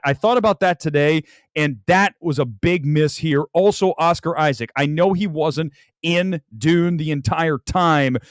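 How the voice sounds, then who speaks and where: A man's voice: on the high side, dry recording, studio quality. A man hosting a film talk show who speaks straight to his viewers, reviewing movies in an emphatic, blunt, opinionated way. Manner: addresses the audience directly. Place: room with film posters on the walls.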